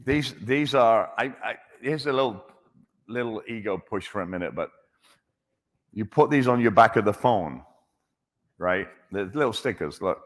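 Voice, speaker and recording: A man working as a chef, joking with and encouraging audience members in a casual, animated way. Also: on the low side, moderate pace, pauses often. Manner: jokey and encouraging, with restarts. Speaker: chef answering audience questions. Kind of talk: casual, animated conversational talk. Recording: echoey hall.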